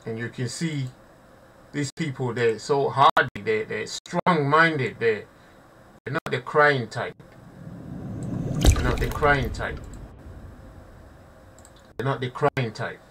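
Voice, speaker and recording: A man's voice: mid-range voice, slow pace, long pauses, distant mic, noisy background. A man giving impassioned live commentary to his audience, preaching and repeating himself, often calling listeners family. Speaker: online preacher.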